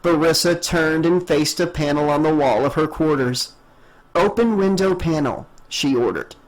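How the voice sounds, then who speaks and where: Man narrating an audiobook, fairly high voice. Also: steady tone, moderate pace, low-quality recording.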